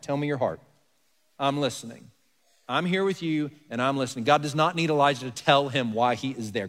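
The long reverb of a large hall surrounds this church sanctuary sermon. The pastor, a man with a mid-range, fairly bright voice, preaches conversationally, putting rhetorical questions to the congregation and emphasizing key words strongly.

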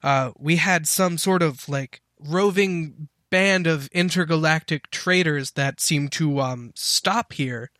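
A man voicing an excitable, absent-minded professor who apologizes and trails off mid-sentence. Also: fairly high pitch, takes it slowly, hardly any pauses, no echo, clean studio sound. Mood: apologetic.

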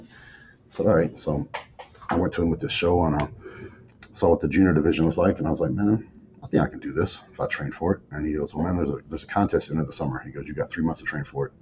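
Forties male interview guest, very low voice, relaxed drawling storyteller, muffled slightly lo-fi audio. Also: quick pace. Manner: laid-back drawl, acts out dialogue. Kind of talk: casual storytelling. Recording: slightly muffled audio, faint background noise.

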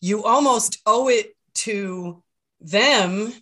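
Woman podcast co-host, reflective, works ideas out aloud; an average-pitched voice. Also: drawn-out words, fairly bright tone. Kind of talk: casual chat.

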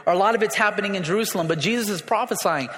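A man's voice: high-pitched, racing, pushed and bright. A man preaching a sermon as pastor, emphatic and repeating his phrases, calling for responses from the congregation. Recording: echoey hall with long reverb.

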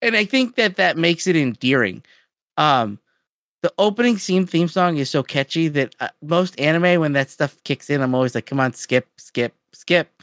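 A podcast co-host in casual chat, recapping a story in an animated way with lots of "like". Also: mid-range voice, moderate pace, no echo, studio quality.

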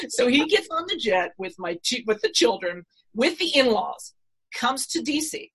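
A middle-aged woman, a podcast guest, telling a story dramatically and acting out what people said with big swings in pitch and loudness. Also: expressive, moderate pace, breathy edge. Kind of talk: animated storytelling.

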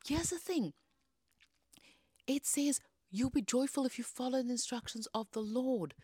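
A woman's voice: high voice, lively intonation, measured pace, mellow, slightly rough, no echo, clean studio sound. A woman hosting a devotional podcast, teaching in a feisty, emphatic preaching manner with rising bursts. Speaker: podcast host.

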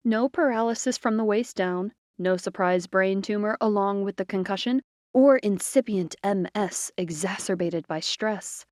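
A woman's voice: mid-range voice, no room sound. Woman reading fiction in a dry close voice. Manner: measured, expressive reading. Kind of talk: scripted fiction narration.

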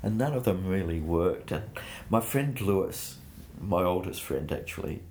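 A man, a painter, telling anecdotes in an animated way during an interview. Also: low voice, normal speed, a little hiss or hum. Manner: anecdotal, animated storytelling with laughs.

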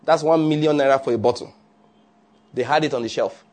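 A man preaching a sermon in an animated way, often checking with his listeners. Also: mid-range voice, brisk. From Nigeria. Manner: animated, asks the audience often.

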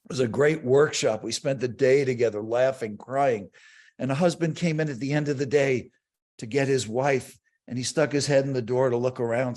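A man, older, giving a slow, reflective and earnest conference talk about grief and self-care. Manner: slow, reflective and earnest, dropping low for quiet moments.

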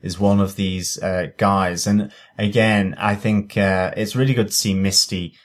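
A man's voice: on the low side, fairly even intonation, unhurried. A man co-hosting a podcast, rambling through his thoughts with fillers and stammering restarts. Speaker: podcast co-host. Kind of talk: casual review chat.

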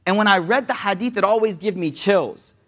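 A young man giving a casual sermon, an animated, digressive storyteller who talks straight to the audience. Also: sits high, fairly quick. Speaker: preacher.

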